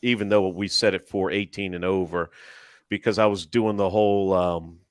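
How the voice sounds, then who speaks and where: A man's voice: deep voice, fairly even intonation, normal speed, smooth, dry recording. Dry, rambling man in casual chat. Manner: dry, rambling storyteller, laughs between lines. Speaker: YouTuber and live panel co-host.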